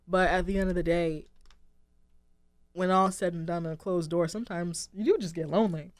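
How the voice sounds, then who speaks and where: A woman's voice: on the low side, fairly even intonation, moderate pace, no echo. Young woman host, reflective solo talk, earnest and rambling, dry close mic. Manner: earnest, rambling, heavy use of "like" and "um". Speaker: radio show host. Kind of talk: reflective casual monologue.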